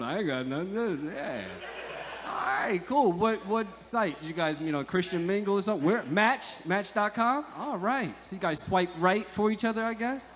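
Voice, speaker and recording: A New comedian with a high, ringing voice works the crowd with loud, profane jokes. His voice carries the long echo of a live venue. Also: a little hiss or hum. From Montclair, New Jersey. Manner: loud, profane, joking banter with the audience. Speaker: stand-up comedian. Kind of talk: stand-up crowd work.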